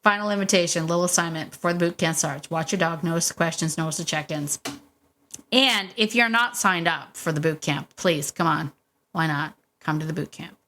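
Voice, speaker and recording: A woman's voice: low-pitched, a little fast, a little hiss or hum. A middle-aged woman hosting a dog-training podcast, coaching listeners in a casual, encouraging way with frequent laughs and repetition. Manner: warm, encouraging, laughs often, repeats herself.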